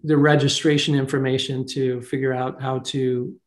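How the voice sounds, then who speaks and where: A man's voice: mid-range voice, level tone, moderate pace. A man leading a staff meeting over a video call, thinking aloud with fillers. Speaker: meeting leader. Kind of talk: online staff meeting discussion.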